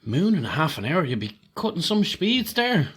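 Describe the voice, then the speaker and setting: A man's voice: a little high, very animated, moderate pace, fairly bright tone, slightly rough. An Irish man on a casual podcast, laid-back and joking with his friends. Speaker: podcast co-host. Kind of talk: casual chat.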